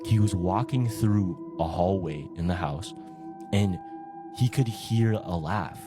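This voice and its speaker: A young man telling a ghost story in relaxed, slangy casual chat. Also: low-pitched, takes it slowly. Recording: over loud background music.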